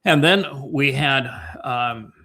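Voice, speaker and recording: A male podcast host with a bright, forceful voice talks through his commentary as if thinking aloud. He wanders, stacks fillers and restarts, then slows right down to hammer his key points. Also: mid-range voice, lively intonation. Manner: meandering, many fillers and restarts. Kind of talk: casual commentary chat.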